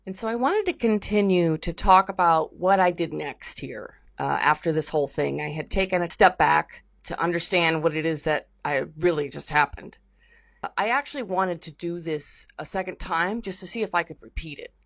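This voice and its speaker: A woman telling a personal experience in a vlog, animated and lively, acting out the voices of people she quotes. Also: medium pitch. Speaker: vlogger.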